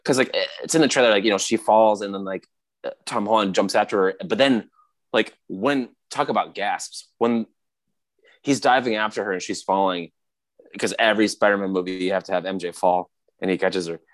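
A man in casual chat, retelling scenes excitedly with frequent laughter. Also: on the low side, fairly quick.

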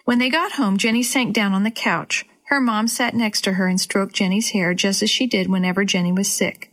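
A woman hosting a children's story program, reading aloud gently and expressively. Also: mid-range voice, steady tone, normal speed, few pauses.

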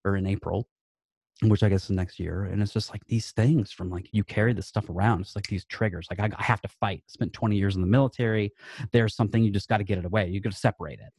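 A man's voice: lowish voice, steady tone, fast talker, a little mellow, husky, no echo. A man in his late thirties, a podcast guest, telling a personal story in an earnest, rambling way with many restarts. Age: late 30s.

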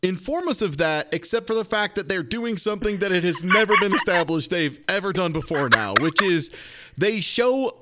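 A man's voice: high voice, expressive, moderate pace, sharp tone, a little hiss or hum. A man co-hosting a podcast in casual banter, with wry, mocking asides. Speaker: podcast co-host.

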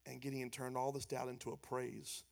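A man's voice: mid-range voice, moderate pace, vocal fry. A man preaching a sermon as pastor, emphatic and conversational. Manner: animated, loud and emphatic, then quieter and conversational.

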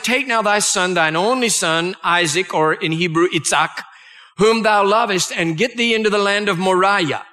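A man's voice: high voice, sharp tone. A male pastor preaching a sermon, reading scripture aloud and stopping to explain it and to pray.

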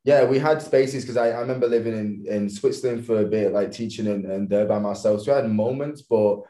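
A man in his thirties from England talks easily about his life as a dancer. He laughs often and keeps a loose, casual manner. His voice sits low, and the room behind it echoes. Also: a little fast. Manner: laughs often, relaxed and easygoing. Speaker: podcast guest, professional dancer. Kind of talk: casual interview chat.

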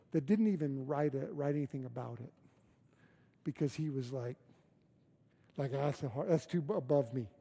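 A man's voice: a little high, warm tone, slightly rough. A man preaching a sermon as pastor in a church, conversational and emphatic, with repeated phrases. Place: church sanctuary.

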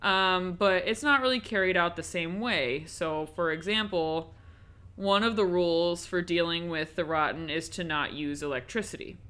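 Bright, crisp-voiced woman recapping a film. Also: fairly low pitch, moderate pace. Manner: chatty and conversational, with frequent ums and likes. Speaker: horror movie reviewer. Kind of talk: casual movie recap and review.

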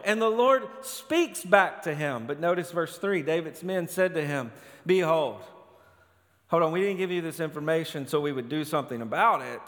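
A man's voice: a little high, a bit bright, in a large hall. A man preaching an expository sermon, with emphatic rising peaks in his delivery. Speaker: pastor.

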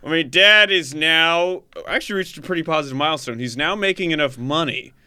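A man in casual comedic chat, animated and quick to crack jokes. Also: on the high side, clear, resonant tone, no echo, studio quality. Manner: animated, jokey, quick to mock.

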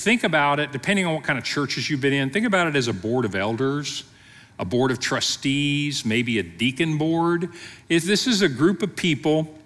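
A man preaching as a pastor, teaching with lively asides and plain explanations. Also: mid-range voice, in a large hall. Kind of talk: sermon.

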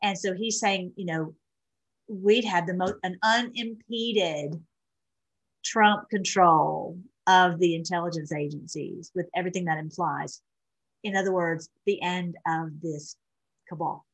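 A woman's voice: fairly low pitch, fairly even intonation, measured pace, low-quality recording. A middle-aged woman rambling through casual commentary as she reads posts aloud, with many restarts and fillers. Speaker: online show host.

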